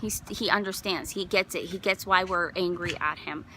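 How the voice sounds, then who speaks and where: A woman's voice: on the low side, moderate pace, bright, forceful tone, a little hiss or hum. A bereaved mother giving a personal faith testimony, earnest and emotional, rising to fervent conviction.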